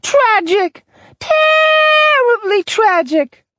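A man voicing a greedy, childish female demon who complains in a whiny, drawn-out way. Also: very high-pitched, expressive, fairly bright tone, dry recording, pitched above the performer's own voice, exaggerated voice.

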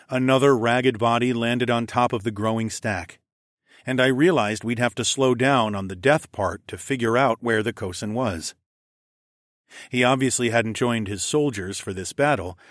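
Brief: male audiobook narrator, mid-pitched, steady and measured, dry close mic. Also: no room sound. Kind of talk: scripted first-person narration.

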